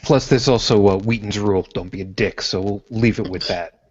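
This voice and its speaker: A man's voice: fairly low pitch, brisk, darkish tone, dry recording, highs cut off. A man hosting a casual podcast, thanking each guest in turn and stumbling over his words as he goes. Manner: rambling, repeats words when thanking guests. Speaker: host.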